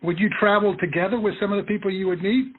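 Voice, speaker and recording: A man's voice: high-pitched, fairly even intonation, fast, husky. A man hosting a podcast, asking short, plain interview questions. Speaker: podcast host. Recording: tinny, distant phone-like line.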